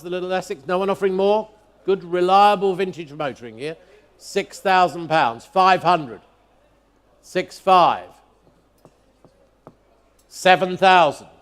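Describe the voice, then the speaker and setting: Higher-voiced auctioneer calling bids. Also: male voice, fairly bright tone. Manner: brisk, repeats bids in a rhythmic chant. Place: auction hall at a motor museum.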